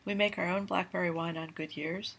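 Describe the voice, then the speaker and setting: A relaxed, folksy older man at a family lunch in a read-aloud novel, voiced by a woman. He talks casually, in a low, gravelly voice with a husky edge. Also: brisk, heavily acted.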